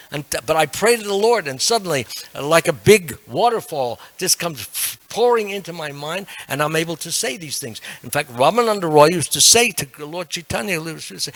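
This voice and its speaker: A man's voice: on the high side, animated, moderate pace, a bit bright. Earnest older man preaching. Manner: earnest, emphatic, with self-deprecating asides. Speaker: monk lecturing a temple class. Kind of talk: devotional sermon.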